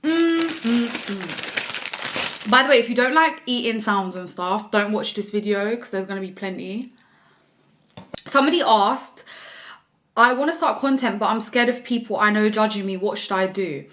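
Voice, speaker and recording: A young woman in a casual vlog, chatting as she shows off her food and answers viewer questions, with a relaxed manner and frequent "like". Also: medium pitch, normal speed, slight background noise. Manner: chatty, relaxed, filler "like" often. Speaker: vlogger. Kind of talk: casual mukbang chat.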